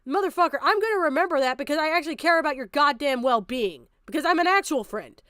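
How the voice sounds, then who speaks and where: A young woman streamer rants angrily through a reaction stream, swearing freely and laughing between outbursts. Her voice is high, and the sound is dry and close. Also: animated, fast, fairly bright tone, no echo. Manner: angry, profane ranting with bursts of laughter. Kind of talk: live stream reaction commentary.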